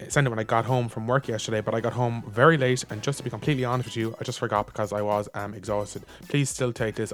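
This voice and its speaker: Young Irish man, mid pitch, wry storyteller, faint music underneath. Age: young adult. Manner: wry, reads out emails in mock voices. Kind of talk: casual chat.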